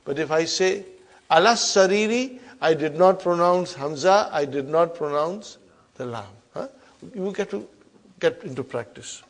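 A man's voice: fairly high pitch, expressive, unhurried. Emphatic male Arabic grammar teacher. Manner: repetitive call-and-response drilling, frequent check-ins; emphatic, loud rises on key terms then soft drops. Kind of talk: classroom lesson.

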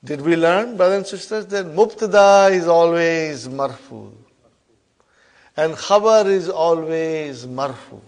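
Man, grammar teacher, slightly high voice, loud stress on key words then quiet drops, repetitive drilling. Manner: repetitive call-and-response drilling, frequent check-ins; emphatic, loud rises on key terms then soft drops. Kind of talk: classroom lesson.

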